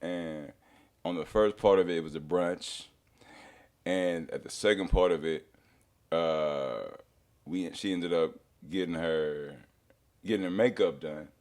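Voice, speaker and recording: A young man from Houston, telling a story in a casual, animated way. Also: low voice, unhurried, pauses often. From Houston, Texas. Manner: animated, laughing storyteller acting out voices. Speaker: guest.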